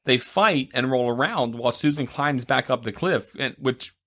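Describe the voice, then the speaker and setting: A man's voice: medium pitch, normal speed, a bit bright. Man casually recapping a movie. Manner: rambling retelling with playful voices and laughs. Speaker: podcast co-host.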